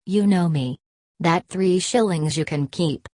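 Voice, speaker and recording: A woman reading the part of an anxious middle-aged man pleading his innocence in halting fragments. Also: lowish voice, warm tone, no echo. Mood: desperate.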